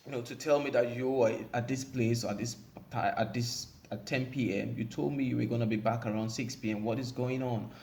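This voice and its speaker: A man's voice: medium pitch, darkish tone, a little hiss or hum. A man giving relationship advice in a casual monologue, rambling and emphatic, with many fillers.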